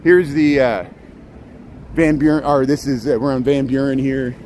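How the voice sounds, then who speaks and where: A man's voice: mid-range voice, steady tone, moderate pace, a little mellow. A man, live-streaming a walking tour, pointing things out in a chatty way and often restarting his sentences. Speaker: vlogger streaming a city walk. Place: walking outdoors on a city street, then inside a building arcade. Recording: echoey arcade, traffic noise.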